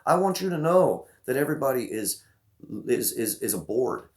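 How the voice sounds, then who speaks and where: A young man hosting his own video channel, giving excited shout-outs to viewers with many restarts and repeated "guys". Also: medium pitch, moderate pace. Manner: enthusiastic, repeats "guys" and "baby", stammers restarts. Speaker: vlogger host.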